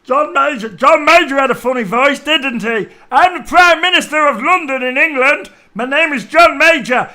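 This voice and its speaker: A man doing a mocking impression of a male politician in a high, mincing put-on voice. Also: expressive, moderate pace, hardly any pauses, bright, forceful tone, heavily acted.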